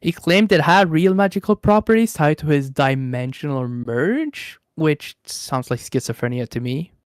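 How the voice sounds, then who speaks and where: Medium in pitch and animated at a moderate pace, this streamer guest has a Swedish accent and wanders through internet lore with laughter and offhand cursing. The recording is dry with clean studio sound, though the microphone keeps dropping in and out.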